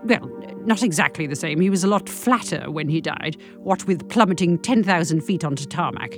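A woman reading a comic monologue with dry, deadpan delivery. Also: fairly low pitch, normal speed, few pauses, faint music behind. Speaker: comic storyteller.

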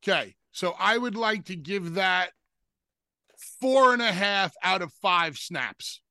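A man with a high, gravelly voice teases his co-host with slow, drawn-out questions. His tone is bright and edgy, and the studio sound is dry and close. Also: lively intonation, no echo. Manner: teasing, questioning. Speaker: radio co-host. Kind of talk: playful radio banter.

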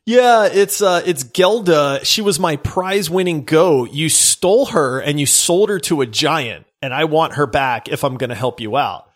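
A man's voice: on the high side, measured pace, few pauses. A man voicing a grumpy farmer who resents the listener. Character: grumpy male farmer holding a grudge.

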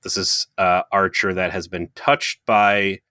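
Low forceful podcast guy breaking down an episode, lots of ums. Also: little pitch movement, measured pace, no room sound, clean studio sound. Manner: earnest, analytical, with frequent um and uh. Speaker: podcast co-host. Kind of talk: casual review chat.

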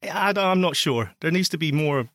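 A man's voice: a little high, expressive, normal speed, a bit bright, no room sound, clean studio sound. A man co-hosting a podcast, arguing his point in a wry, self-deprecating way. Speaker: podcast co-host. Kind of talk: casual chat.

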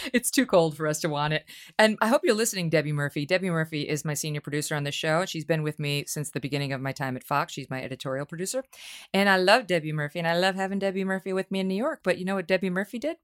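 Low-voiced woman asking quick questions. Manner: quick, teasing questions with laughter. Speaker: podcast host. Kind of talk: interview conversation.

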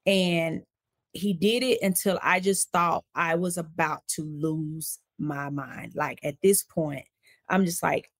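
A woman, an interview guest, recounting a personal story in a casual, animated way and acting out the voices of the people in it. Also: low voice, slow. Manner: animated, acts out quoted voices while recounting events; casual, conversational phrasing.

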